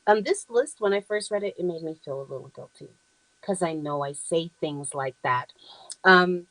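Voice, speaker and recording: A woman's voice: low voice, moderate pace, a bit bright, no echo, poor audio. Earnest woman talk show host. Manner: earnest, affirming, frequent ums, reads quoted phrases aloud. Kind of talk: conversational talk show presentation.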